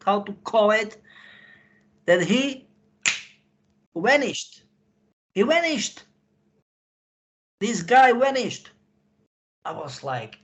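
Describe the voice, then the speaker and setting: High voiced guy on a call, slow and emotional, keeps saying sorry. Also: fairly bright tone. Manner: emotional, apologetic, repeats himself, non-native phrasing. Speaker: insider guest recounting missions.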